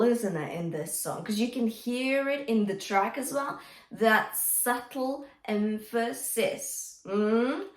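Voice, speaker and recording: A woman's voice: a little high, echoey room, far from the mic. A woman coaching a singing lesson, explaining technique and singing lines to show it, encouraging her students with a coaxing "yeah?". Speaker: vocal coach. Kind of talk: singing lesson with sung demonstrations.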